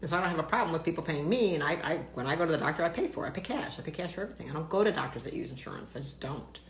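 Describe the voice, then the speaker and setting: A woman's voice: low-pitched, expressive, racing, reverberant, a little hiss or hum. A woman doctor ranting bluntly on a casual live stream, swearing freely and talking with lots of fillers and restarts.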